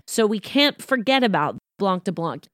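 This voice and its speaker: A woman's voice: mid-range voice, big pitch swings, a bit bright, no room sound, clean studio sound. Opinionated middle-aged woman explaining wine. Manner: opinionated, knowledgeable, talks in quick asides. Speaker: wine podcast host. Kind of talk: casual explanatory chat.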